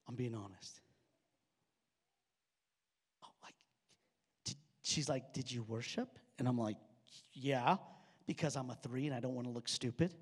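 A high-pitched man delivers a sermon as a pastor, talking to his congregation in a loose, conversational way. He leans on rhetorical questions and quick asides. His voice trails off into the long reverb of a big church hall. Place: church auditorium stage.

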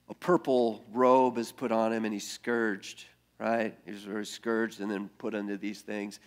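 Male pastor, mid-range voice, earnest sermon delivery that builds through repetition and sinks to near-whispers. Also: medium pitch. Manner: earnest, builds with repeated phrases, often drops to a hush.

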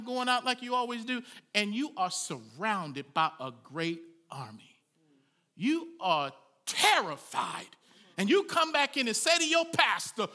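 A pastor preaching with a high, bright voice that swings widely in pitch. He reads scripture aloud, drops into folksy asides, and builds toward shouted, dramatic peaks. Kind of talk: sermon.

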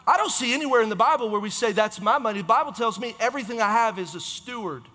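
A pastor preaches with passion, repeating phrases and swiftly correcting himself as he hammers home his point. His voice is high and bright, echoing through a reverberant church hall with faint music beneath.

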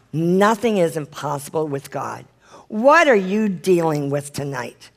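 A Bible study leader reading scripture aloud and preaching, earnestly asking the listeners direct questions and now and then stumbling and correcting the reading. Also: mid-range voice.

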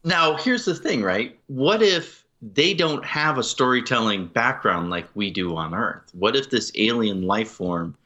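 A man's voice: mid-range voice, lively intonation, a little slow, few pauses, sharp tone, lo-fi sound. A man co-hosting a podcast in casual chat, joking and riffing with frequent laughs. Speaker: podcast co-host.

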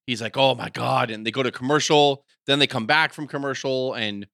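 A man retelling a story in casual podcast chat, animated and acting out what people said. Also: mid-range voice, fairly quick, clear, resonant tone, no room sound, studio quality.

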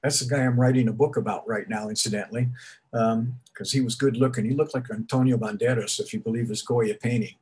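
Middle-aged man, mid-range pitch, rambling conversational history talk to a live audience. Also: fairly even intonation, brisk, darkish tone, slightly rough. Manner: rambling, conversational, many restarts and asides. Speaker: museum speaker giving a talk. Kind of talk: informal history lecture to an audience.

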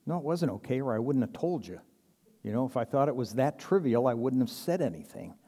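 A man's voice: medium pitch, sing-song, fairly quick, warm tone, in a large hall. A man preaching a sermon in a conversational, earnest way, acting out little quoted exchanges and chuckling now and then. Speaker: pastor.

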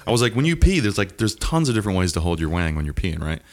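Deep voiced dude rattling off gross jokes fast on a podcast. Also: male voice, sing-song, slight background noise. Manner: rapid, crude, laughing storyteller. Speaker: podcast co-host. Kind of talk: crude casual banter.

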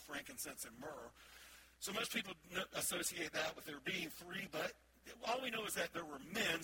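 A man's voice: a little high, very noisy. A man with a Southern American accent, a pastor giving a chatty sermon that asks the congregation questions. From Southern United States.

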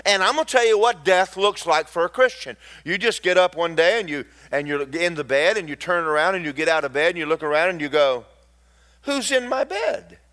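A man preaching a lively, storytelling sermon with mocking asides to the congregation. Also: on the high side, a little fast, hardly any pauses.

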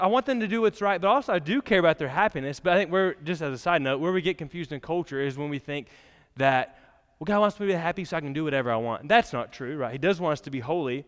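A man's voice: a little high, quick pace, fairly bright tone. Chatty young male pastor, reverberant hall. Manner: chatty, laughs often, many fillers like "like". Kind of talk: casual conversational sermon. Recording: long church hall reverb.

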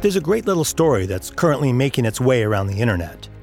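Gravelly man narrating an audiobook. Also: quick pace, soft background music. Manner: lively storytelling, pitching up for characters' lines. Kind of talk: audiobook narration with acted dialogue.

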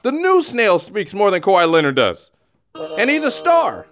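A man hosting a casual sports talk podcast, ranting in an animated way. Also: sits high, moderate pace, faint music behind. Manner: animated, ranting with mock voices. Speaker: podcast host.

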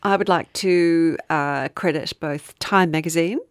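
A woman's voice: low-pitched, measured pace, no echo, studio quality. A woman co-hosting a podcast, chatting casually and telling a true-crime story with frequent laughter. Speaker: podcast co-host.

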